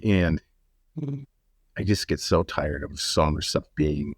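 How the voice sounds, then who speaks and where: Male guest, thirties, very deep voice, blunt and halting, dry close mic. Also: no room sound. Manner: halting, blunt, swears casually. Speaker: podcast guest. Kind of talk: casual conversational podcast.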